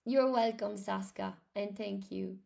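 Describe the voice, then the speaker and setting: A woman's voice: mid-range voice, fairly even intonation, a little slow, gravelly, a little mellow. A woman with an Irish accent, an English teacher chatting on a live stream, reading out and answering viewer comments. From Ireland.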